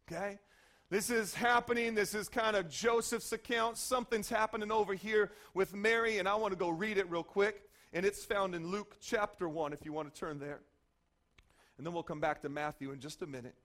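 A man in his forties preaching a sermon as pastor, telling stories with lively acted-out voices and sudden shouts. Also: sits high, moderate pace. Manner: animated storytelling, acting out voices and shouts.

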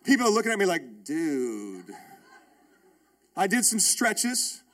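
A man in his thirties who is a pastor delivers a sermon centered on his own experience, speaking with energy, emphasis and repeated phrasing. His voice sits high and his pace is fairly quick.

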